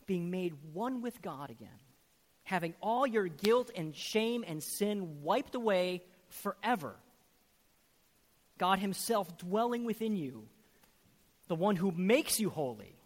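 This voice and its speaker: A pastor with a strikingly high voice preaches an earnest, emphatic sermon and keeps pressing his listeners with rhetorical questions. His voice carries a long, lingering reverb, as if the sound fills a large church sanctuary. He is a man speaking from the pulpit to his congregation. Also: very animated, takes it slowly.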